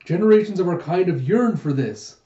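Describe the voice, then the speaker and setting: An earnest, devoted young dragon warrior in a storybook reading, raised and fervent, as a man lifts his voice to play him. His voice is mellow, and the sound is roomy. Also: high voice, expressive, a little fast, far from the mic, dull audio, pitched above the performer's own voice. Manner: eager and fervent.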